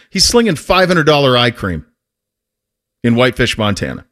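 A man hosting a talk show, telling a casual, animated story with frequent restarts and laughs. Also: fairly high pitch, brisk. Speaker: host.

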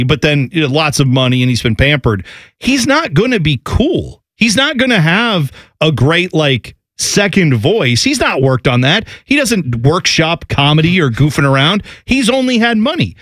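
Guy rambling on a podcast, kinda high voice, dry close mic. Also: no room sound. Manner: animated storyteller, rambling. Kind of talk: casual chat.

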